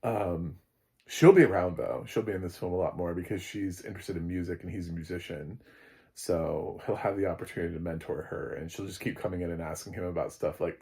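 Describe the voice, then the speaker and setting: A man with an American accent talks through a film review in a loose, rambling way, full of fillers and false starts. His voice sits a little low. He is blunt and openly sarcastic. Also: fairly quick, a little mellow. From United States. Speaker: film critic. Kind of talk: casual spoken film review.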